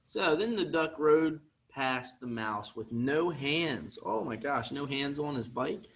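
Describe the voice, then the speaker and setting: A man's voice: medium pitch, expressive, takes it slowly, fairly bright tone, a little hiss or hum. A man teaching physical education, reading a picture book aloud and coaching children through movement breaks in an upbeat, encouraging way.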